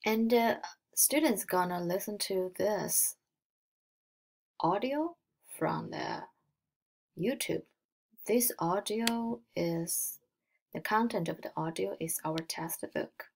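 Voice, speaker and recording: A young woman with a Mandarin Chinese accent teaching a beginner Mandarin lesson in English. She explains slowly, step by step, and models the tones aloud. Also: medium pitch, expressive, vocal fry, darkish tone. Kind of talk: recorded slideshow lesson.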